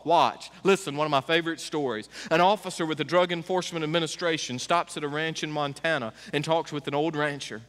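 High, bright-voiced male preacher. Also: brisk, hardly any pauses. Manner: emphatic, punchy and preachy. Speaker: pastor. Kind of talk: sermon. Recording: echoey church hall.

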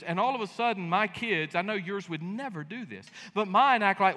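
Bright-voiced pastor in a reverberant hall. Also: male voice, high-pitched, expressive, fairly quick, hardly any pauses. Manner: emphatic, folksy and joking. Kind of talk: sermon. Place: church sanctuary. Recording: long reverb of a large hall.

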